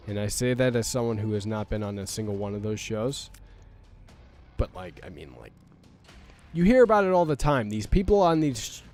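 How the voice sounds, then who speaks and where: A man's voice: medium pitch, darkish tone. Exasperated rambling young man gamer. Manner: exasperated, rambling, stammering restarts, frequent swearing. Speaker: gaming channel host. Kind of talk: let's play commentary rant.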